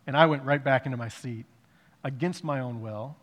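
A man giving a personal testimony in a conversational way, rising to emphatic bursts and dropping to hushed reflection. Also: mid-range voice, fairly quick. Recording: long reverb of a large hall.

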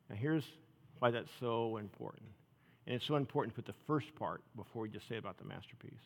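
A man's voice: medium pitch, animated, quick pace, dull audio. Man preaching in a reverberant hall. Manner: conversational, rising and dropping to soft intensity. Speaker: pastor. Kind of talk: sermon.

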